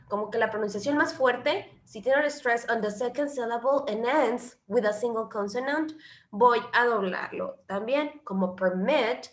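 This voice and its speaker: Woman teaching English grammar. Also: mid-range voice. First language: Spanish. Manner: switches between English and Spanish, explaining patiently. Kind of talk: classroom grammar lesson. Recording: echoey room.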